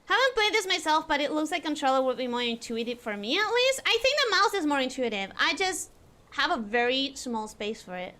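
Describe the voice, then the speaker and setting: A high-pitched woman streamer chatting with her chat in a quick, casual way. Her voice is bright, and her pitch jumps around a lot. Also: big pitch swings.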